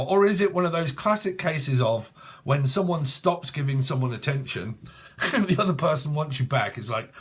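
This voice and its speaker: Blunt, profane tarot reader. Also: male voice, on the high side, expressive, normal speed, slightly rough. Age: 40s. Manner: blunt and profane, laughs often. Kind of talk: casual online tarot reading.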